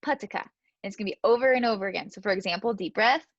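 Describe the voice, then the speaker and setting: A woman's voice: mid-range voice, rapid-fire, no echo. Encouraging woman clinician on a dull call. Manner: encouraging, gentle coaching. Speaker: student speech-language clinician. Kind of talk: clinical exam instructions.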